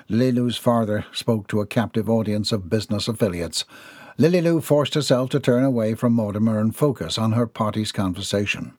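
Husky male audiobook narrator. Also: on the low side, moderate pace, a little mellow, no room sound, studio quality. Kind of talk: scripted narration.

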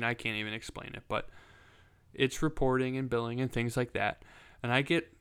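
Young male podcast host, self-mocking and profane, smooth voice at a mid pitch. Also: fairly bright tone. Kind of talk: casual solo podcast chat.

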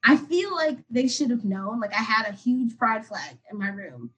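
A woman's voice: fairly high pitch, very animated, moderate pace, husky, low-quality recording. A 21-year-old woman from Atlanta, a podcast guest telling a personal story casually and emotionally, rambling with lots of "like". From Atlanta, USA. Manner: rambling, heavy use of "like", emotional.

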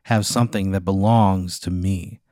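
A man's voice: deep voice, steady tone, normal speed, mellow, no echo, voice pushed down, natural voice. A man putting on a boastful wizard who swaggers through his threats, smug and taunting, in a slightly raised voice. The sound is close and dry. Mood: smug menace. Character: boastful male wizard in a robe, menacing.

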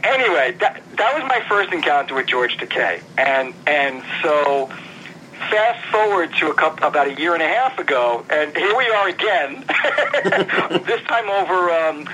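A man's voice: fairly high pitch, animated, unhurried, bright, forceful tone, slight background noise, low-quality recording. A man being interviewed about his comic book writing, telling an anecdote in a casual, self-interrupting way. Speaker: guest, comic book writer.

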